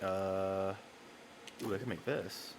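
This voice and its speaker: A man's voice: deep voice, fairly even intonation, takes it slowly, noisy background. Rambling, chatty male streamer. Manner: rambling and chatty, many fillers and self-corrections. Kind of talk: casual storytelling while playing a game.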